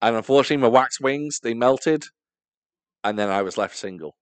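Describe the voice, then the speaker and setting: Speaking briskly in a mid-range voice with no echo, a young man co-hosting a podcast tells a self-deprecating story in a laid-back way, frequently laughing and swearing freely.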